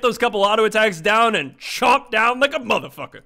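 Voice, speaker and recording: Bright, excitable gaming commentator man. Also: high-pitched, brisk, creaky, few pauses. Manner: chatty, excitable, swears at teammates. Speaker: gaming streamer. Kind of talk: live gameplay commentary.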